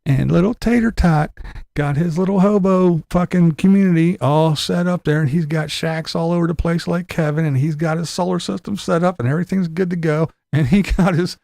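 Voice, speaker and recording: A man's voice: a little high, a little fast, creaky, a little mellow, no room sound. A man hosting a livestream, ranting in profane, mocking commentary and laughing often. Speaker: livestream host.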